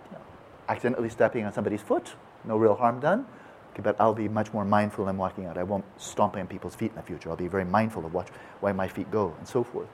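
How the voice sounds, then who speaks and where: A man teaching Buddhist practice, talking in an animated, self-mocking way and acting out apologies as he speaks. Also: lowish voice, a little hiss or hum. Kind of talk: dharma talk. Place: teaching hall with a live audience.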